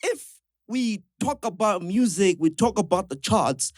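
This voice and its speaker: A man's voice: high-pitched, expressive, a little slow, no echo, studio quality. A man hosting a live podcast, talking bluntly to the audience and swearing freely.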